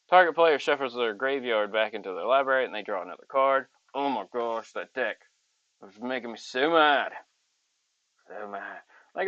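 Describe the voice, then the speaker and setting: A man's voice: medium pitch, no room sound. Chatty man opening card packs. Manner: chatty, reads card text aloud with excited asides. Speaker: channel host. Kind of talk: casual card-opening commentary. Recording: dull lo-fi audio.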